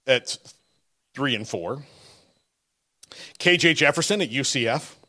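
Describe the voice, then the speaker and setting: A man's voice: medium pitch, unhurried. A man co-hosting a sports podcast, telling stories in casual chat and laughing through them. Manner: animated storyteller, laughs through his anecdotes. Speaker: podcast co-host.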